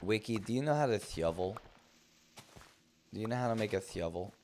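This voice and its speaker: A man's voice: fairly low pitch, lively intonation, fairly quick, a little mellow, a little hiss or hum. A man streaming a game live, talking in a playful, rambling way full of silly jokes. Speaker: gaming streamer. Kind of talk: live gameplay commentary.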